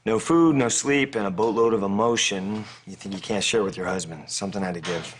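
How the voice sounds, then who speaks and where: An actor plays a kind, steady friend in a television drama, gentle and lightly teasing. His voice is very deep and unhurried in its reassurance. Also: a little hiss or hum, close to an everyday voice. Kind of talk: TV drama acting.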